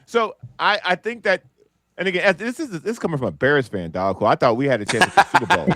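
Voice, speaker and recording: A man's voice: a little high, expressive, fast, bright, forceful tone, dry recording, studio quality. A man on a casual sports talk podcast, arguing with hype and answering his own rhetorical questions.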